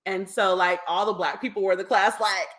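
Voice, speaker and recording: A woman podcast co-host telling animated school stories in casual chat. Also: medium pitch, brisk, very noisy.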